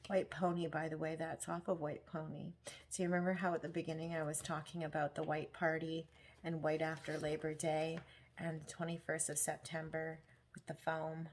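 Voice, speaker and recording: A woman's voice: sits low, level tone, normal speed, slight background noise. A woman giving a casual tarot reading, thinking aloud in a musing, chatty way. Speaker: tarot reader.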